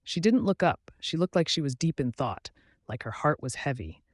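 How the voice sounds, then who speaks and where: Male narrator, storybook, dramatic, animated, dry close sound. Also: on the high side, normal speed, no echo. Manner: expressive, dramatic.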